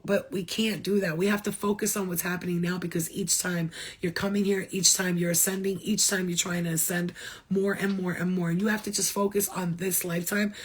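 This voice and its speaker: A woman's voice: lowish voice, slightly rough. A woman who works as a spiritual healer, giving an impassioned, blunt talk to viewers, swearing freely and repeating phrases for emphasis.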